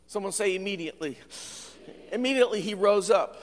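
A male pastor preaching a sermon, with frequent "uh" fillers, swinging between fervent shouting and quieter appeals. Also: high voice, brisk. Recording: long hall reverb.

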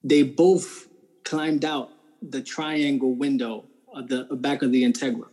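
This is a man from New Jersey sharing his faith testimony in an interview. He speaks at an ordinary middle pitch. His delivery is casual and earnest, with emphatic stresses and frequent "right?" check-ins. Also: fairly even intonation, unhurried, a little mellow, husky, poor audio. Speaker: interview guest.

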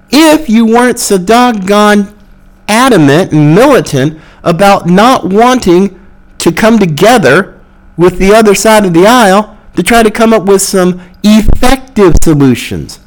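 A male podcast host delivers an impassioned political commentary monologue, arguing hard and mockingly quoting his opponents' slogans. His voice is high with lively intonation at a measured pace, and the recording is rough.

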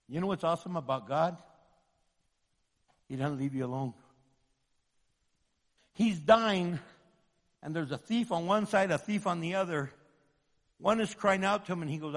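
A man preaching a sermon as pastor, lively and humorous, acting out the voices of the people he quotes. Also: on the high side, a little slow, long pauses, long reverb tail.

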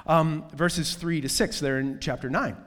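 A man preaching in a relaxed, chatty style, his voice sitting a little higher than most men's. He keeps throwing in asides and fillers. His words ring with a long reverb, as if he is standing in a large hall. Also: a little slow. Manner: casual, conversational preaching with many fillers and asides. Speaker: pastor. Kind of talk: sermon.

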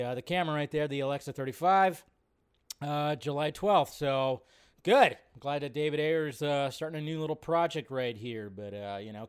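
A man's voice: fairly high pitch, clear, resonant tone. A man hosting a live movie-news stream, chatting casually and rambling with plenty of fillers. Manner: rambling, laid-back, lots of fillers. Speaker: live show host.

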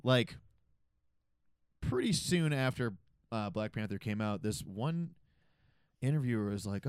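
A man's voice: lowish voice, lively intonation, measured pace, pauses often, clear, resonant tone, no echo, studio quality. Blunt young man, casual swearing. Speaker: podcast co-host. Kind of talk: casual comedy podcast chat.

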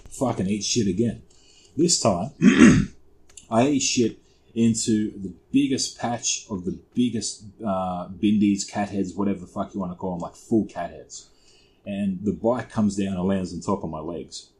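A man's voice: fairly low pitch, measured pace, a little mellow, low-quality recording. A young Australian man, co-host of a podcast, telling stories in a casual, sweary, laid-back way. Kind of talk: casual storytelling chat.

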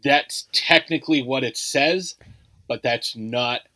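A man chatting about films in a relaxed, meandering way, padding his thoughts with fillers and restarts. His voice is bright and forward, mid-pitched, recorded close and dry with no room sound. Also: takes it slowly, no echo, rough recording. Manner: rambling, lots of "like" and "you know" fillers. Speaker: podcast co-host. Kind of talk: casual movie review chat.

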